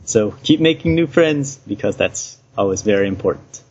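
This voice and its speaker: A man's voice: on the low side, expressive, moderate pace, darkish tone, slightly rough. A man hosting a casual podcast interview, easygoing and laughing often between questions. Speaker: podcast host. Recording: dull lo-fi recording.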